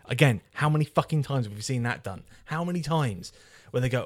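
A man's voice: medium pitch, fast, darkish tone, dry recording, clean studio sound. Swearing, ranting man. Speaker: film review podcast host. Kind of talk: casual chat.

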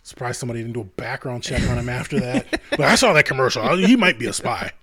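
A man co-hosting a casual podcast chat, laughing often and acting out scenes in quick put-on voices. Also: medium pitch, animated, a crowd in the background. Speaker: podcast co-host.

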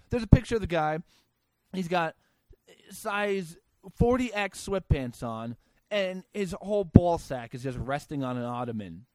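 A male host tears through odd news stories with crude, sarcastic rants and mock disbelief. His voice sits somewhat high for a man and sounds close and dry, with no room echo. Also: moderate pace, darkish tone. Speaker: podcast host. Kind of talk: comedic news commentary.

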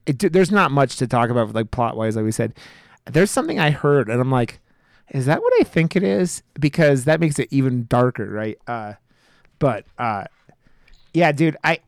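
A man co-hosting a podcast, chatting casually about a film in a rambling, profane, excitable way. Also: medium pitch, smooth, no room sound, clean studio sound. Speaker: podcast co-host. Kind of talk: casual film review chat.

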